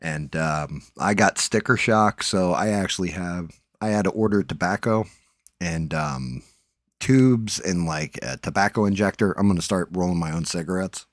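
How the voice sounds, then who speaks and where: A man's voice: sits low, expressive, moderate pace, vocal fry, dry recording, studio quality. A middle-aged man hosting a live stream, talking casually in a rambling, profane, joking way. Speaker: livestream host.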